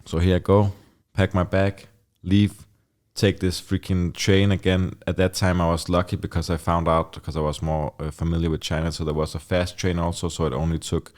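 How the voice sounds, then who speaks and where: A man's voice: sits low, moderate pace, few pauses. A young man, a podcast guest telling a story casually, full of "like" and swearing, laughing as he goes, in a studio. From Denmark. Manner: animated, laughing storyteller, heavy use of "like", swears freely.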